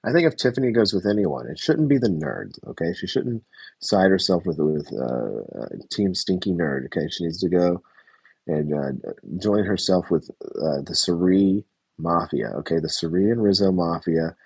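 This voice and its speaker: Man, deep husky voice, dry close sound, rambling TV review chat, self-correcting. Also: expressive, normal speed, darkish tone, no echo. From United States. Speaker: reality TV reviewer. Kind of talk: casual reaction review chat.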